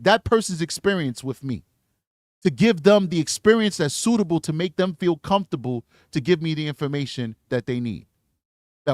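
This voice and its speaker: A man reacts to true crime footage in casual commentary, emphatic and quick to scold. His voice sits a little high. The recording is dry and close. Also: no room sound. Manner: emphatic, coaching, indignant.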